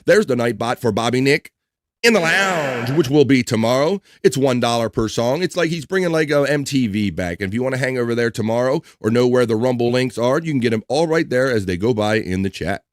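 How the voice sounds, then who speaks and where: A man's voice: medium pitch, lively intonation, fairly quick, dry recording, clean studio sound. A man hosting a live stream, chatting casually and reading viewer messages aloud in an upbeat way. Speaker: livestream host.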